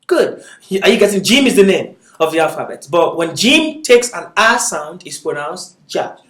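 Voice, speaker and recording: This Arabic teacher's voice is high and fairly bright, very animated, at a normal speed. Far off in an echoing classroom, he lectures patiently, often asking "is that okay?" to make sure students keep up.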